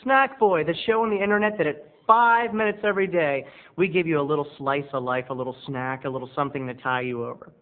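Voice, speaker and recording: A man's voice: on the high side, steady tone, quick pace, phone-quality sound. A man rambling through a self-mocking comic monologue as a video blogger, talking from his bedroom studio. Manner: rambling, self-mocking, breaks into quoted voices.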